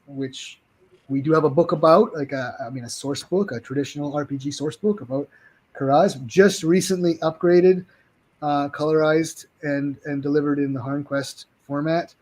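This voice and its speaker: A man's voice: a little high, a little mellow. A man, a game publisher guest, talking casually on a video call, friendly and rambling with frequent restarts.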